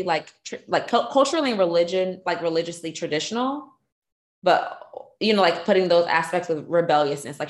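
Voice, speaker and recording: A woman co-hosting a podcast in casual chat, rambling and searching for words. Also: lowish voice. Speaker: podcast co-host. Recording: echoey room.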